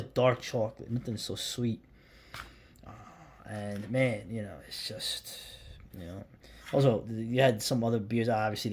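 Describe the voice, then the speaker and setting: Husky American man, mid-pitch, casual rambling vlogger with hushed asides. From United States. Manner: rambling, self-interrupting, drops to a hushed near-whisper when admiring the beer. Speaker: beer vlogger. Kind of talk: casual talk to camera.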